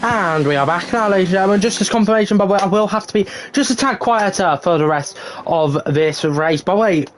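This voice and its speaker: A British man calls a live sim racing event from home in a bright, high-pitched voice. He keeps up a chatty, casual patter with the odd swear and launches into rapid play-by-play when the action heats up. A faint hum of household noise sits behind him. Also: poor audio. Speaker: race commentator.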